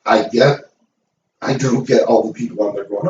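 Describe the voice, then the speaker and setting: A man's voice: medium pitch, animated, moderate pace, gravelly, darkish tone, slight background noise. Blunt middle-aged man ranting in an echoey room. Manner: blunt, profane, emphatic. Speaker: host. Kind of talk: opinion rant to camera. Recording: roomy, distant, dull sound.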